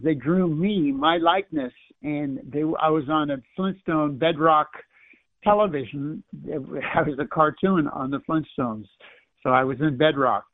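A man's voice: on the high side, no echo. Older Californian-accented man, chuckling, rambling phone guest; thin phone sound. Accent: Californian American. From Ireland. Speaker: musician guest. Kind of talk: phone interview. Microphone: phone line. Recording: dry tinny phone line.

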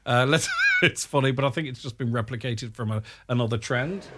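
A man's voice: mid-range voice, expressive, background noise. A male radio presenter, chatting casually and wryly with a co-host on air. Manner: chatty, wry, quick to laugh.

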